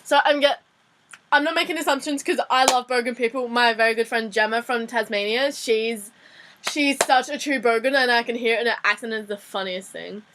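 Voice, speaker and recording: A young woman with an Australian accent talks through a casual slang lesson in a rambling, giggly way, often restarting her sentences. Her voice sits a touch high. There is a faint hum of room noise behind her. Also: fairly quick. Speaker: vlogger teaching slang.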